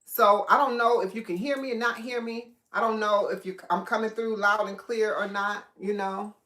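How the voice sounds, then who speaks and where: A woman's voice: medium pitch, steady tone, moderate pace, fairly bright tone. A woman hosting a casual livestream while she eats, chatting freely and reading out viewers' comments with frequent laughs. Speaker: livestream host. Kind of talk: casual live chat while eating. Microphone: no microphone, device in room. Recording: echoey room, no mic.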